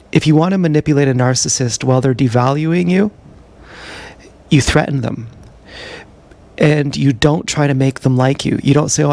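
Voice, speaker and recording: Speaking at a medium pitch with vocal fry and a slightly mellow quality, this male vlogger rambles through a live stream on a GoPro while outdoors or moving around. He's casual and self-deprecating, hesitating often, and the action camera mic captures it all.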